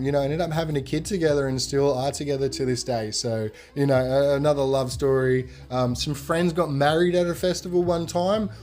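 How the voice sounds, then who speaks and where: A man, a podcast guest telling stories in a loose, rambling way full of fillers, getting animated when he quotes people. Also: medium pitch. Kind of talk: casual storytelling.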